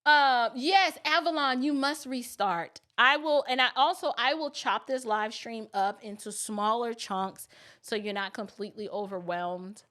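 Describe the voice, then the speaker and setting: Chatty middle-aged woman hosting a casual livestream, slightly high voice, folksy and talking straight to viewers. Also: a little slow, pushed and bright. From New York City. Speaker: livestream host.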